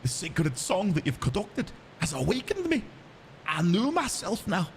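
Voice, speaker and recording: A man's voice: high voice, wildly swooping pitch, unhurried, gravelly, long reverb tail, slight background noise, heavily acted. A man voicing a tiny, cheerful male forest creature who plays music, with a Scottish accent. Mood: eager. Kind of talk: voicing a game character.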